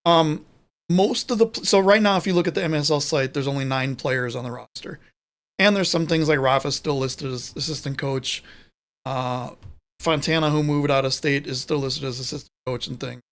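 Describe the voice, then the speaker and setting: A man's voice: a little high, moderate pace, fairly bright tone. A man co-hosting a live sports show, talking casually and rambling, often correcting himself mid-sentence. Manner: rambling, self-correcting, chatty. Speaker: podcast co-host.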